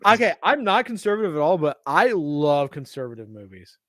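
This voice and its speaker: A man's voice: fairly high pitch, big pitch swings, fairly quick, bright, forceful tone, no room sound, studio quality. A man co-hosting a casual chat, crude and joking, often slipping into silly voices. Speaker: podcast co-host.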